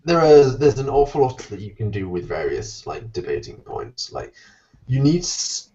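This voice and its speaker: A man's voice: medium pitch, very animated, warm tone. A non-American man hosting a casual podcast chat, rambling and joking as he talks over a voice call. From outside the United States. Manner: rambling, chatty, quick to joke. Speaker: podcast host. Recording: distant, dull lo-fi online call.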